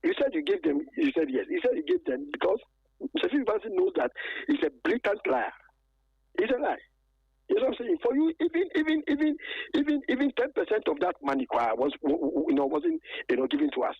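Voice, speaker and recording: Raspy man on a muffled phone line. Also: extremely high pitch, wildly swooping pitch, no room sound. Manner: halting and aggrieved, stacks repeated words and fillers. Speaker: former footballer calling in. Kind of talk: phone-in interview.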